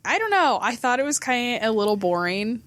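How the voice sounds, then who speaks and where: A woman's voice: on the high side, sing-song, brisk, a bit bright. Blunt woman co-host, casual. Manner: blunt, laughs easily. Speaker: podcast co-host. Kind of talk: casual chat.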